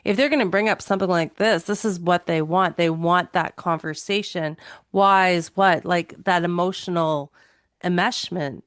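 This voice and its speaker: A woman co-hosting a podcast, responding in a measured, reflective way. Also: fairly low pitch, steady tone, smooth, dry recording, clean studio sound. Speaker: podcast co-host. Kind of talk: casual podcast conversation.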